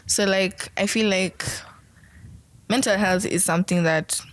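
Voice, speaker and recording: A woman's voice: medium pitch, fairly even intonation, measured pace. A young woman co-hosting a casual panel discussion, chatty and informal, speaking with frequent fillers. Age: young adult. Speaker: co-host of a youth discussion.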